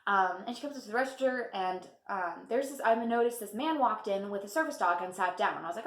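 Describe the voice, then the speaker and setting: A woman's voice: mid-range voice, lively intonation, a little fast. Brief: young woman, casual storytime vlogger, giggly and rambling, roomy echo. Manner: chatty, laughs often, lots of fillers. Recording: echoey room.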